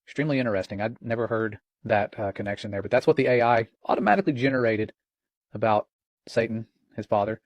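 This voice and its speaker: A man's voice: fairly low pitch, fast talker, dry recording. A man hosting religious commentary, earnest and warning, retelling a conversation line by line.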